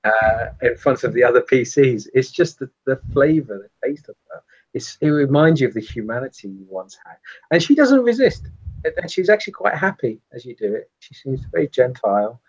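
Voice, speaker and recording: A man narrating as game master of a tabletop game, unhurried and descriptive. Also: mid-range voice, very animated, breathy edge, lo-fi sound.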